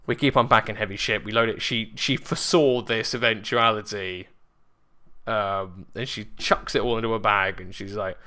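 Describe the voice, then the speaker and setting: A man, candidly telling a personal story in a vlog, halting with fillers and swearing often. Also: on the low side, steady tone, bright, forceful tone. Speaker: vlogger.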